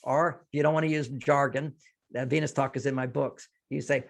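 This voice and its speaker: A man's voice: medium pitch, steady tone, a little fast, gravelly. An older man, a relationship author, giving advice in a conversational interview and acting out example lines. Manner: explains with quoted example lines.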